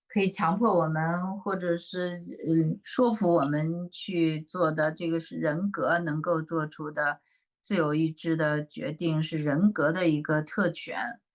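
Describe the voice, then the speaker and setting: A woman interpreting for a reading group, measured and paraphrasing. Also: low-pitched, fairly even intonation. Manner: measured, paraphrasing, with filler sounds. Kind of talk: interpreting into Chinese. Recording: dull, distant lo-fi audio.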